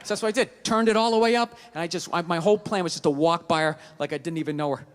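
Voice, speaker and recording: A man's voice: on the high side, very fast. A man performing a live stand-up routine, ranting and exasperated, with lots of profanity. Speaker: stand-up comedian. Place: large comedy venue. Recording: reverberant live venue with audience. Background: audience noise and laughter.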